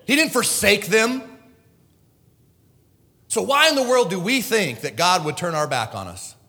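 Middle-aged male pastor, high animated voice, emotional pulpit delivery, church hall reverb. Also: a little slow. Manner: emotional, swings from shouting to hushed. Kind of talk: sermon. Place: church sanctuary.

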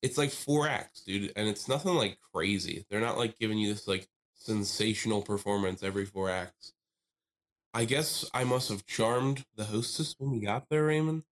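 A man's voice: fairly low pitch, normal speed. A man co-hosting a casual podcast, telling a long story with lots of laughter and acted-out voices. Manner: animated storyteller, acts out voices, laughs often. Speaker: podcast co-host.

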